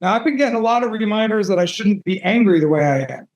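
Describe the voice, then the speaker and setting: High-voiced man telling a profane story. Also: fast, dull audio. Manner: profane, animated, self-mocking storytelling. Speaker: tattoo artist guest. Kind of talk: candid storytelling interview.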